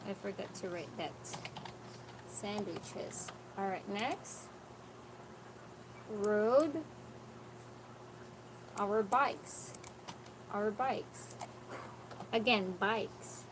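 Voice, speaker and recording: A woman teaching an online English pronunciation lesson, patiently correcting a student and repeating words slowly. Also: mid-range voice. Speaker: English tutor. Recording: noticeable background noise.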